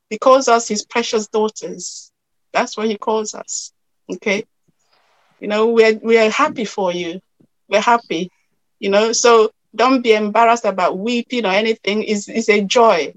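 A woman's voice: medium pitch, steady tone, normal speed, no room sound, poor audio. A woman minister, weeping as she speaks, encourages someone with repeated, prayerful phrases.

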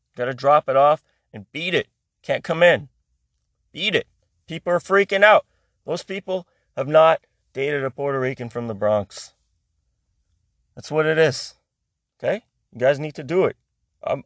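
A young adult man doing a rambling comic monologue, animated, swinging between loud outbursts and low mutters. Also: no echo, clean studio sound. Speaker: comedian.

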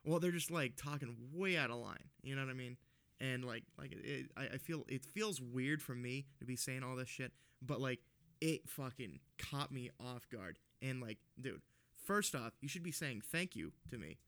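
A man's voice: mid-range voice, lively intonation, normal speed, fairly bright tone. A man co-hosting a casual podcast, telling a story in a profane, ranting way, still worked up and heated. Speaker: podcast co-host.

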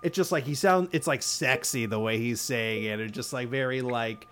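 A man co-hosting a casual podcast chat, rambling and animated, often slipping into silly impressions. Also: medium pitch, moderate pace, smooth, soft background music. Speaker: podcast co-host.

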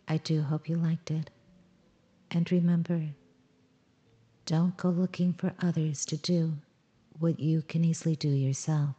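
Female storyteller for a bedtime tale: soft, low, even delivery, dark warm tone. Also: a little slow, pauses often. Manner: soft, gentle, addresses the listener as sweet one.

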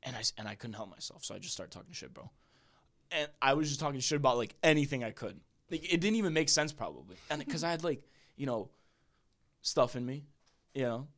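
A man's voice: mid-range voice, expressive, fairly quick, fairly bright tone. Rambling young man telling a story. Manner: rambling, heavy on "like" and "bro", laughs often. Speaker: podcast guest. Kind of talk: casual storytelling chat.

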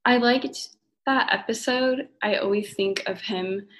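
A young woman guesting on a casual podcast, agreeable and quick to laugh, peppering her talk with "like" and "literally". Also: medium pitch, a bit bright. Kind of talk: casual chat.

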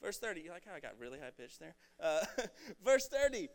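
A man's voice: high voice, very animated, fast, smooth. A young man giving a casual sermon, joking and slangy as he explains a Bible story. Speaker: preacher.

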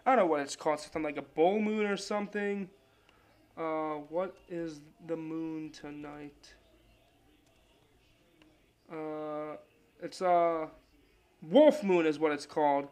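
High-voiced man hosting a sports podcast. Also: steady tone, slow, pauses often, a little mellow, clear, resonant tone. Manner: loose, chatty, rambling with restarts. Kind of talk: casual solo sports podcast.

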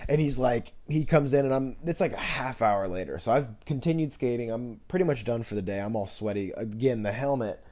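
A man in his twenties hosting a podcast, telling rambling, jokey stories in a casual monologue full of fillers, jumping into high voices to quote people. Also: fairly quick, hardly any pauses. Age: 20s. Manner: animated, jumps into high voices when quoting others. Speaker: podcast host.

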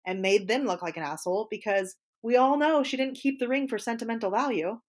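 A woman's voice: on the high side, fairly quick. A woman co-hosting a casual chat show, gossiping bluntly and acting out quotes as she talks. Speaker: podcast co-host.

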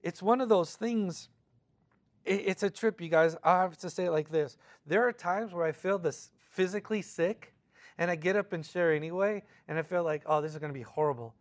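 A man preaching a conversational sermon, casual and animated, acting out quoted voices between frequent fillers. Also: high-pitched, moderate pace. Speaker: pastor.

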